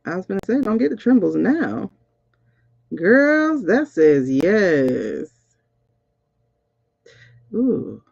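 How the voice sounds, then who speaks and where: A woman hosting a casual spiritual reading, excitable and talking straight to her viewers. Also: medium pitch, drawn-out words, vocal fry, pauses often, no echo, dull audio. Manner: excitable, keeps repeating "hold on". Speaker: spiritual reader and host. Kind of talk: casual livestream card reading.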